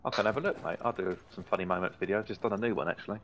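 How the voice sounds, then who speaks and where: Fast-talking man streaming a game. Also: lowish voice, fairly bright tone, a little hiss or hum. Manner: swears often, chatty, reads viewer comments aloud. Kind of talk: casual gaming stream chat.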